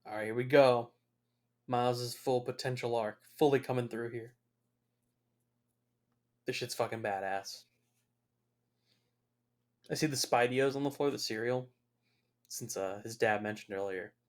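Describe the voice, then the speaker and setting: A man's voice: mid-range voice, steady tone, measured pace, pauses often. A young man talking through a film as a casual watch-along commentary, swearing freely and reacting with open emotion. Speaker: movie reviewer.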